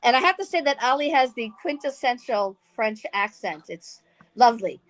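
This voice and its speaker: A woman's voice: a little high, lively intonation, moderate pace, fairly bright tone. A woman calling in to a livestream, chatting casually in a chatty way, laughing often and using fillers. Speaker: guest caller. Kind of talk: casual chat.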